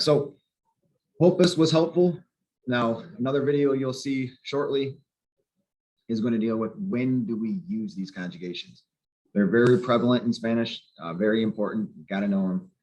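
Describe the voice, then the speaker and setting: A man with a fairly low voice walks through a grammar lesson, patient and methodical, stopping to spell out letters. The sound is slightly muffled and lo-fi. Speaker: Spanish teacher.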